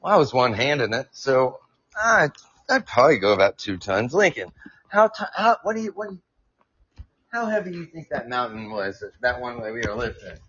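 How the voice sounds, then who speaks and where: A man's voice: mid-range voice, sing-song, moderate pace, fairly bright tone, slightly rough, lo-fi sound. A man hosting a live podcast, explaining science casually, stumbling over words and joking with his chat. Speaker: podcast host. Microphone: new earphones mic.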